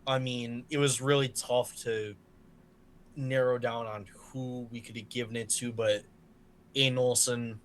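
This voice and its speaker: A man's voice: medium pitch, little pitch movement, unhurried, slight background noise, rough recording. A man co-hosting a casual sports review, reflecting hesitantly with many fillers. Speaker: co-host.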